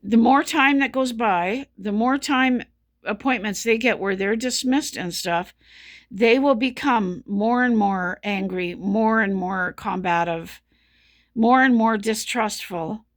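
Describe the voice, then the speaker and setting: A patient describes her experience in slow, medium-pitched speech. It's casual commentary, delivered earnestly and with frustration, and she repeats herself a lot.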